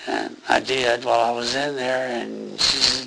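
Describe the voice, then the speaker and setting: A man's voice: mid-range voice, normal speed, vocal fry, hardly any pauses, very noisy. A man giving an earnest, rambling personal testimony about a near-death experience, full of fillers and restarts.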